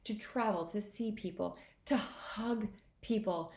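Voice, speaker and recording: A woman's voice: mid-range voice, takes it slowly, hardly any pauses, darkish tone. Emotional woman fitness coach, echoey room. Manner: earnest, emotional, heartfelt. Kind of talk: motivational live video talk.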